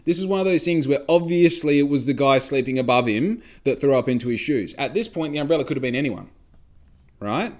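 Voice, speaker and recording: A man's voice: mid-range voice, animated, a little fast. A young Australian man telling a rambling story in casual chat, swearing freely and acting out the voices of the people he quotes.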